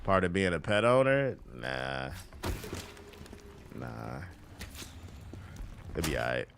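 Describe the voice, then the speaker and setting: A man's voice: very deep voice, slow, vocal fry, noisy background. A man streaming a game, chatting casually and profanely with his chat while he plays. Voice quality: profane, loose and animated.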